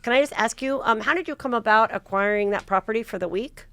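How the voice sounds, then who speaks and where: Woman doing a Mexican-accented timeshare pitchman, courteous and persuasive, dry sound. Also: fast, bright, forceful tone, clear, resonant tone, no room sound. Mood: smooth, incredulous. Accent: Mexican Spanish, put on. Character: polite male timeshare salesman in Mexico. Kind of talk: comic impression within a story.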